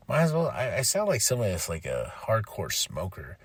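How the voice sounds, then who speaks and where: Excitable, low-voiced man podcasting solo. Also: a little fast, few pauses, breathy edge, no room sound. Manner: excitable, animated, swears, laughs, mimics people. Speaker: podcast host. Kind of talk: casual solo recap.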